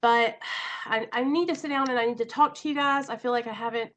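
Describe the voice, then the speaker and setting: A woman's voice: on the high side, fairly even intonation, quick pace, fairly bright tone, a little hiss or hum. A young woman, chatting casually and emotionally on a home live stream, nervous and rambling. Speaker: vlogger.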